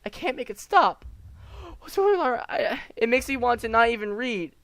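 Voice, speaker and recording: A man's voice: animated, normal speed, gravelly, a bit bright, dry recording, heavily acted. A teenage boy voicing a shy young woman who is frantic and overwhelmed, talking breathlessly with stammers. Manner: breathless, rising pitch, stammering.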